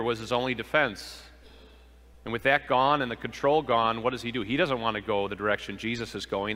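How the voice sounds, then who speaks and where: A man's voice: medium pitch, bright, forceful tone, long reverb tail. A man preaching a sermon, earnest, asking rhetorical questions and acting out the quoted lines. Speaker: pastor.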